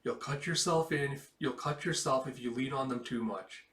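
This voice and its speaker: A stern, battle-scarred young woman speaks in slow, measured words, as a man voices her from a comic. The room is echoey and the mic sits back. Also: medium pitch, fairly bright tone, natural voice. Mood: solemn. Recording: roomy, distant mic.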